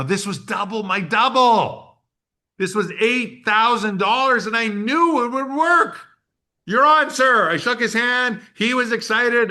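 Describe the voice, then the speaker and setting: A man in his sixties giving a business workshop, telling a story in an animated way and acting out the quotes. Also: high voice. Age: 60s. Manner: animated storyteller who acts out quotes and laughs. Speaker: workshop presenter.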